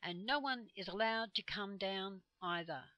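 Sly red goblins from a storybook, smug and taunting, as a woman reading aloud puts them on. The voice sounds bright and close, and it drawls each line slowly. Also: medium pitch, dry recording.

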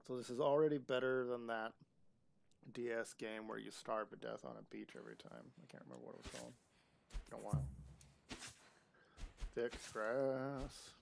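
A man's voice: medium pitch, animated, a little fast, vocal fry, pauses often, slight background noise. A man streaming a game live, chatting casually and talking to the objects on screen. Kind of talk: live gameplay commentary.

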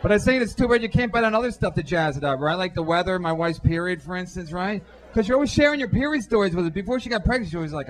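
A man performing a profane stand-up routine on a comedy club stage, throwing quick asides to the crowd through a handheld mic. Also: high voice, expressive. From Irish-American.

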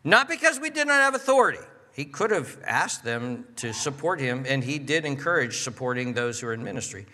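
Male pastor, emphatic sermon delivery, bright tone, long church reverb. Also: big pitch swings. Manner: emphatic preaching, reading scripture slowly, swinging from low asides to high exclaims. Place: church sanctuary.

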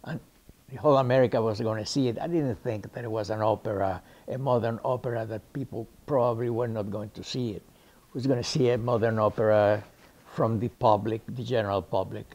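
Mellow Cuban-accented man telling stories. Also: on the low side, fairly quick. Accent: Cuban Spanish. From Cuba. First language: Spanish. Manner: lively raconteur who acts out the people he quotes. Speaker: interviewee, actor. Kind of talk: anecdotal storytelling interview.

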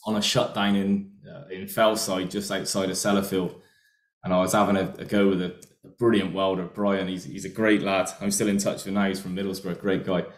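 A man's voice: deep voice, level tone, a little fast, echoey room. Chatty man telling site stories. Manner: chatty anecdotes, laughs at himself. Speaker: welding inspector guest. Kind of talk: casual storytelling.

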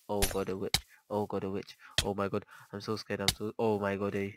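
A man giving casual, chatty commentary over his gameplay, easily startled and quick to panic. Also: fairly low pitch, steady tone, noisy background. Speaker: gaming channel host.

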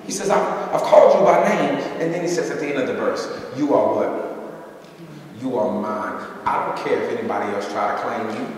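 A male pastor preaching a sermon, moving between quiet, conversational talk and high, shouted calls. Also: fairly quick, a little hiss or hum. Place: church sanctuary. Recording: echoey hall, distant mic.

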